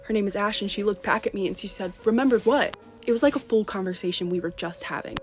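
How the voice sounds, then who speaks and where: A woman casually telling a personal story about a lucid dream, in a relaxed, chatty way. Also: mid-range voice, quick pace, faint music behind.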